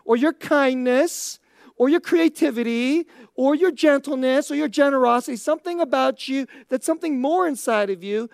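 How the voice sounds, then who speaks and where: A woman's voice: high-pitched, moderate pace, vocal fry, darkish tone, no room sound, studio quality. A woman giving an informal Christian teaching talk, conversational and thinking aloud, chuckling often between points. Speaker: Christian speaker.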